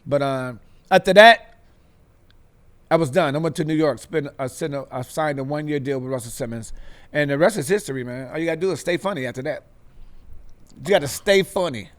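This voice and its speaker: A Midwestern comedian appears as a talk-show guest, animatedly telling comic stories and acting out other people's voices in street slang. His voice is on the high side.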